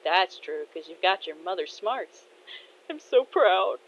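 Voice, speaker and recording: A gentle, goofy middle-aged father, as a woman puts him on. He talks slowly and reflectively, in a soft voice. The recording sounds dull and lo-fi. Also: lowish voice, expressive. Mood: cheerful. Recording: dull lo-fi audio with faint noise.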